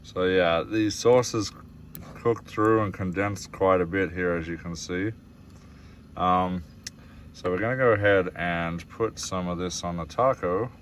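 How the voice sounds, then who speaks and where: A man's voice: low voice, a little slow, fairly bright tone, slight background noise. An Australian man from Australia casually vlogging his cooking inside a camper van, rambling along with lots of fillers and calling his viewers guys.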